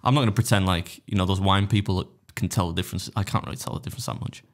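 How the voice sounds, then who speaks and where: A man's voice: low-pitched, rapid-fire, creaky. A man, co-hosting a podcast in casual, rambling banter that often breaks off and restarts. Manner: rambling, self-interrupting, laughs at own jokes. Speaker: podcast co-host.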